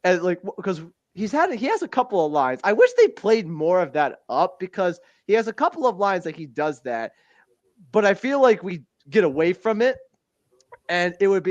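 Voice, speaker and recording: A man with a slightly high voice co-hosts a casual podcast, rambling and laughing a lot as he recounts scenes and quotes lines in a put-on voice. The audio is dull, with no echo.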